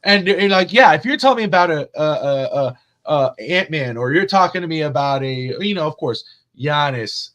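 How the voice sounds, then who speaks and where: A man co-hosting a sports podcast, telling stories in a loose, animated way and swearing freely. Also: on the high side, moderate pace. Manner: animated, profane storyteller. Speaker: podcast co-host. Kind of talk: casual sports chat.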